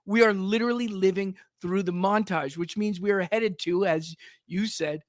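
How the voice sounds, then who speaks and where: A man's voice: high voice, steady tone, normal speed, no echo. A man on a panel chat who talks enthusiastically and heaps on praise. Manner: enthusiastic, effusive.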